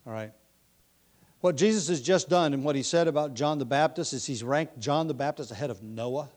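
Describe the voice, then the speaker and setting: A man preaching an expository sermon, reading scripture with rising emphasis and adding conversational asides. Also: a little mellow. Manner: emphatic, rises in pitch and volume when reading scripture; conversational asides with restarts and light laughs.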